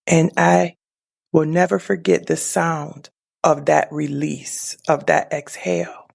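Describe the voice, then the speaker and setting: Slow, gravelly woman telling a tender story. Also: low-pitched, fairly even intonation. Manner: slow, tender and reflective, with soft hushed moments. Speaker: podcast guest. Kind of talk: emotional personal storytelling.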